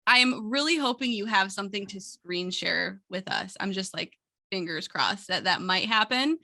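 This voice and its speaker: A woman's voice: mid-range voice, expressive, moderate pace, pushed and bright. A woman who produces a podcast, chatting in an upbeat, giggly, teasing way. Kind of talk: casual chat.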